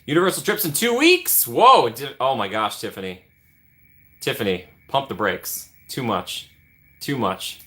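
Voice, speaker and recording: Hosting a playful livestream, a young man with a Midwestern American accent reads and answers chat and greets viewers by name. His mid-range, fairly bright voice moves at a moderate pace with big swings in pitch.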